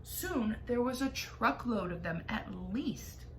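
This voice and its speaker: A woman teacher reading a chapter book aloud with lively storytelling. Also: fairly high pitch, slow. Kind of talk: expressive read-aloud. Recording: echoey room, faint noise.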